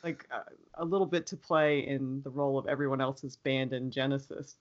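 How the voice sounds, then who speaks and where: Guest on a dull phone line. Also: male voice, medium pitch, fairly even intonation, a little fast. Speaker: podcast guest. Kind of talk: casual chat. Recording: dull phone-call sound.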